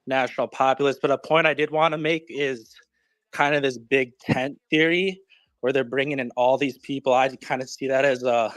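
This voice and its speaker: A man joining a live stream as a caller, slightly out of breath, talking in a measured, hedging way. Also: mid-range voice, no room sound. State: a little out of breath.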